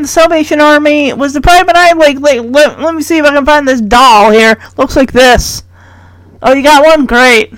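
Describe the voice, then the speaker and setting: A woman's voice: high-pitched, moderate pace, no echo, poor audio. A woman recapping a sitcom episode in casual chat, chatty and incredulous, full of rhetorical questions.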